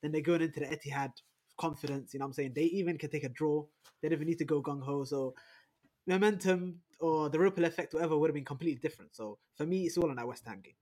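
A young man making his case quickly and animatedly in a casual football podcast debate, with slangy phrasing. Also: fairly high pitch, darkish tone. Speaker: podcast panelist.

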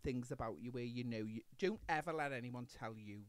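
A man's voice: mid-range voice, a little fast, no echo. A man guesting on a podcast, talking in a brash, camp and sweary way. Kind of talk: casual chat.

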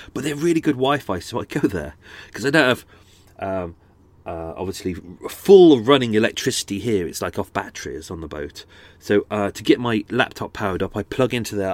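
Guy podcasting from his boat, lowish voice, bit stuffy nose, dry close mic, rambly chatty. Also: dry recording. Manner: chatty and meandering, frequent restarts and asides. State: slightly blocked nose. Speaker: podcast host. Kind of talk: casual rambling chat. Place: on a houseboat. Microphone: studio microphone close up.

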